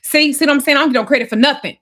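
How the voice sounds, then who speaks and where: A resentful older man who snaps out accusations in a loud, raised voice, as a woman acts him out while retelling a fight. He speaks sharply and with bitterness. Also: mid-range voice, lively intonation, rapid-fire, husky. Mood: accusing.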